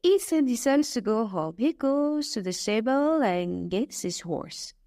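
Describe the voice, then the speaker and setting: A woman narrates a storybook for English learners, slow and clear. Her fairly high voice moves a lot in pitch, and the sound is dry and close. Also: no room sound. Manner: slow, clear, expressive reading.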